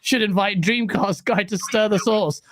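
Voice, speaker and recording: A woman co-hosting a live gaming podcast stream, chatting casually and shouting out viewers as she reads chat messages. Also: mid-range voice, normal speed, no echo. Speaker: livestream podcast co-host.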